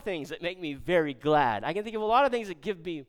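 A man preaching a sermon in a conversational, animated way, checking in with the congregation and swinging from loud emphasis to soft, low points. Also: fast talker. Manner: rises loud and high when emphatic, drops low and soft on key points. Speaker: pastor.

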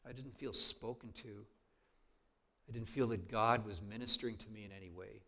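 A man preaching a sermon as pastor, earnest and conversational, swinging between raised emphasis and hushed softness. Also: fairly low pitch, fairly even intonation, moderate pace.

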